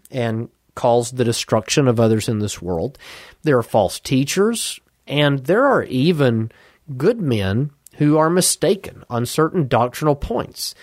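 A male preacher delivers a sermon in an earnest, measured way. His voice sits at a middle pitch and builds emphasis through repeated phrases. The sound is dry and close, with no room echo. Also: a little mellow. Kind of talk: expository sermon.

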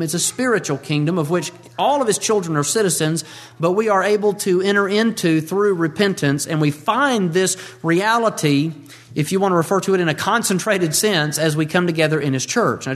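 A pastor delivers a sermon in an earnest, deliberate way, stretching out the words he wants to land. His voice sits a little higher than most men's. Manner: earnest preaching, stretches key words slowly.

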